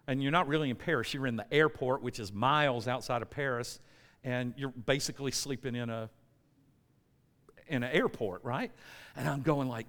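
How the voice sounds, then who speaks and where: A man's voice: medium pitch, moderate pace, a bit bright. An American man preaching a sermon in a church, telling a story with lots of energy and checking in with the congregation. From United States. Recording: long reverb in a church hall.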